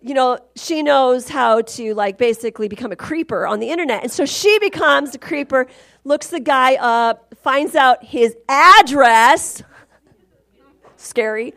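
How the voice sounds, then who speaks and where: Middle-aged woman preacher, slightly high voice, animated storytelling sermon. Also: a little slow. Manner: animated storytelling, swings loud and high at climaxes. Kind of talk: testimony sermon.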